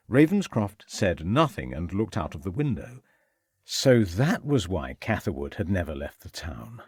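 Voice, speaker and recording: A man reading a mystery audiobook as narrator, in steady, even storytelling. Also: fairly low pitch, normal speed, dry recording, clean studio sound. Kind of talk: scripted narration.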